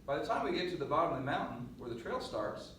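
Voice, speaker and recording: A middle-aged man coaching on presentation skills, telling a lively story to a class and acting out the voices. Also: a little high, quick pace. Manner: animated storyteller, laughs and acts out voices. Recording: roomy echo, mic at a distance, faint noise.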